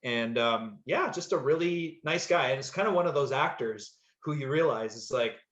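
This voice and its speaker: A man's voice: mid-range voice, moderate pace, hardly any pauses, fairly bright tone. A man, an actor, casually telling a story in a rambling way, with many fillers and restarts. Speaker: actor, podcast guest. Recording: slightly dull echoey room sound.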